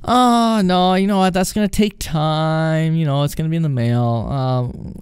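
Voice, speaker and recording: A man's voice: a little high, measured pace, darkish tone, clean tone, dry recording, pitched above the performer's own voice, close to an everyday voice. A man voicing a stubborn, chatty phone customer who talks in a whiny, insistent, rambling way.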